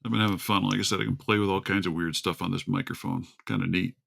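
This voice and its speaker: A man's voice: deep voice, fairly even intonation, fast, creaky, fairly bright tone. A man hosting a casual livestream from home into a desktop microphone, rambling and chatty as he greets viewers by name. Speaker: livestream host. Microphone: desktop USB microphone.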